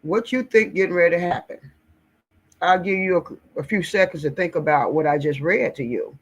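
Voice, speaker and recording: A woman's voice: lowish voice, brisk, slightly rough. A woman giving blunt, indignant, folksy political commentary in a casual talk. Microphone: screen-share recording.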